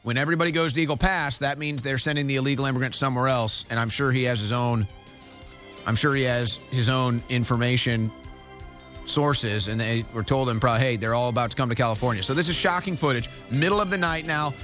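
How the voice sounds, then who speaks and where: A man's voice: mid-range voice, fast talker, fairly bright tone, faint music behind. A man giving urgent political commentary on a talk show.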